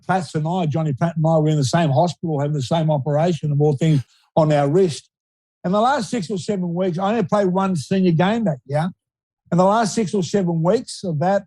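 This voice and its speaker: A man's voice: on the high side, warm tone, no room sound, low-quality recording. A man in his sixties with an Australian accent, a retired footballer telling stories in a casual, rambling interview style. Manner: rambling, repeats words, laughs easily.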